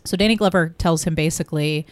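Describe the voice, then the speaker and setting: A woman's voice: deep voice, no echo. Chatty woman gushing about a film. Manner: chatty, many filler likes, quick to laugh. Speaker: podcast co-host. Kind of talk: casual film discussion.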